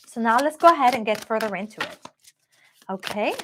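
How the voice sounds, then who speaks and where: A woman's voice: fairly high pitch, lively intonation, a little fast, long pauses, fairly bright tone. A woman giving a live-streamed tarot reading in a chatty, upbeat way, talking straight to her viewers. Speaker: tarot card reader.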